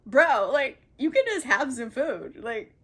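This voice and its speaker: A woman plays a laid-back, kindly duke who talks like a relaxed bro in a comedic recap. The voice sits high and keeps bouncing up. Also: unhurried, full character voice. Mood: chill. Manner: chill, bro-ish.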